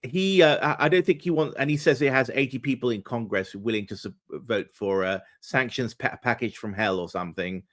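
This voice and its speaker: A man giving casual political commentary, animated and sarcastic, his voice jumping up when indignant. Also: medium pitch, brisk, hardly any pauses.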